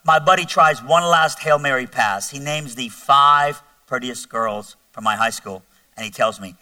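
Bright, forceful man telling a testimony. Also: mid-range voice, measured pace, dry recording, recorded from a distance. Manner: animated, conversational, self-mocking humor. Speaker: guest speaker giving testimony. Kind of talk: sermon testimony storytelling.

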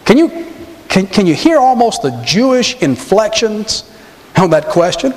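A man preaching a sermon as pastor, telling a scripture story with animated, dramatic emphasis. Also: high voice, measured pace. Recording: long reverb of a large hall.

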